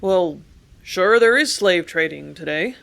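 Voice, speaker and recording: A woman reading an audiobook, voicing a blunt old sea-captain father who explains things loudly and begrudgingly. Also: high voice, animated, a little slow, creaky, heavily acted.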